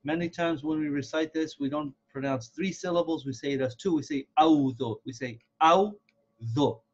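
A man teaching a recitation lesson in a patient, step-by-step way, pausing to sound out words slowly so they can be copied. His voice sits a little high for a man. The recording is dull and lo-fi. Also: fairly even intonation, a little mellow. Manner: patient, repeats words slowly to model pronunciation. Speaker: Quran reading teacher. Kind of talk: explanatory lesson with recited examples. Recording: dull lo-fi audio.

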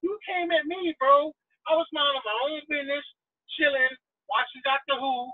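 A man's voice: very high-pitched, steady tone, moderate pace, no echo. Man, guest on a call, blunt, profane, tinny phone-like sound, dry. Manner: blunt, profane, mocking impressions. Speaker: interview guest, truck driver. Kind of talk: animated casual conversation.

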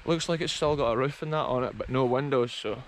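A Scottish man, a vlogger who explores abandoned places, narrates a casual walk across a windy rural hillside, full of enthusiasm and often addressing viewers as "folks." His voice sits in the mid range and moves briskly. The audio quality is poor.

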